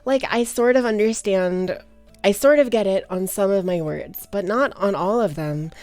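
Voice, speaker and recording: A woman's voice: medium pitch, normal speed, darkish tone, no room sound, faint music behind. A young woman with a slight Valley Girl accent, chatting casually with her live stream viewers, bubbly and giggly as she greets them by name.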